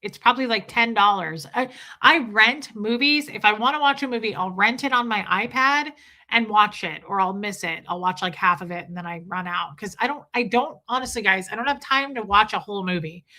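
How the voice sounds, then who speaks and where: A woman's voice: medium pitch, a little fast, bright, forceful tone. A woman live streaming in casual chat, gushing and rambling as she answers viewers' comments. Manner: gushing, enthusiastic, rambling with restarts.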